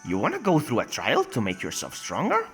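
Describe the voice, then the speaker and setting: A man putting on a lowered professor voice to read a kindly male game professor's lines. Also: wildly swooping pitch, a little fast, a bit bright, soft background music. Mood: earnest. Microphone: phone.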